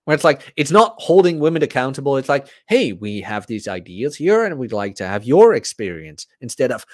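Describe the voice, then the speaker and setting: A man's voice: medium pitch, very animated, fairly quick, few pauses, a little mellow, no room sound, studio quality. A man hosting a podcast, talking in a casual, blunt and profane monologue. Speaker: podcast host.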